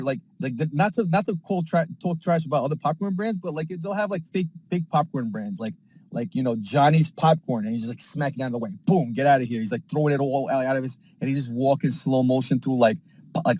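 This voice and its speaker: A man chatting casually from a parked car, telling a rambling, excitable story packed with fillers and slang. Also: medium pitch, no room sound, low-quality recording. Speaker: space participant. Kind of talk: casual chat.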